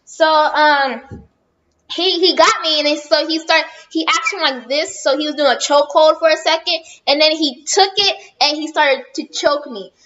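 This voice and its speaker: A woman's voice: high voice, moderate pace, a bit bright, dull audio. A woman telling a rambling storytime on her vlog, chatting casually and often correcting herself. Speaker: vlogger.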